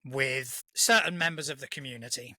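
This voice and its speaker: Earnest man with a very bright voice. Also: medium pitch, normal speed, no room sound, clean studio sound. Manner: earnest and reflective, with restarts and "you know". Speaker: podcast co-host. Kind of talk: casual live-stream chat.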